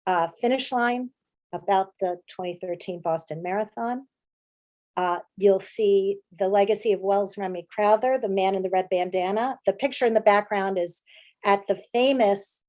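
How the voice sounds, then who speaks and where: A woman's voice: medium pitch, dark tone. Woman, from the United States, playwright, conversational presentation, frequent fillers, video call. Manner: chatty with frequent fillers and restarts. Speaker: playwright and director giving a talk.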